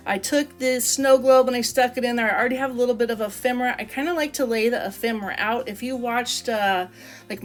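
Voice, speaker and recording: A woman vlogger chatting enthusiastically as she flips through her craft book and shows how she puts pages together. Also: on the high side. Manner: chatty and enthusiastic, lots of "I love" and "like". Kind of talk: casual craft flip-through chat.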